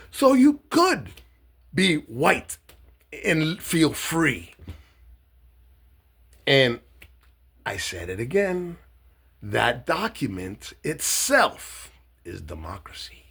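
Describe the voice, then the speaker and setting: A man giving an impassioned speech, emphatic, with dramatic pauses, acting out the words of others. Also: on the high side, a bit bright, husky.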